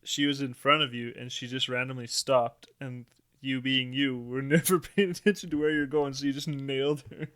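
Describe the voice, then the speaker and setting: A man's voice: mid-range voice, fairly even intonation, normal speed, hardly any pauses, a bit bright. A young man co-hosting a casual chat show, chatty and laughing between stories. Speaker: co-host.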